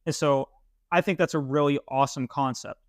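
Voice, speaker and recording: A young man talking through a concept on a podcast, emphatic and casual, with the odd curse word. His voice runs slightly high, and the recording is dry and close. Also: steady tone, a little fast, no echo. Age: young adult. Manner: emphatic and explanatory, casual swearing. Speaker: podcast co-host. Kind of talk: casual chat.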